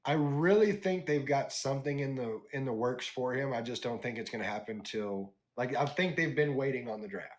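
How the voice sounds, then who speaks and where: A man's voice: mid-range voice, a little fast, few pauses. A man casually recapping wrestling on a podcast, acting out the wrestlers' lines as he tells it. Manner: animated storytelling, acts out wrestlers' lines. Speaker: podcast host.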